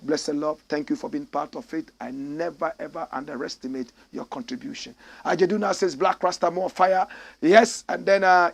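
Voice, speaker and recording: A man's voice: fairly high pitch, gravelly. A middle-aged Ghanaian man hosting a show, reading out viewer comments with impassioned, swinging delivery. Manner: impassioned, swings between loud declarations and sighing asides.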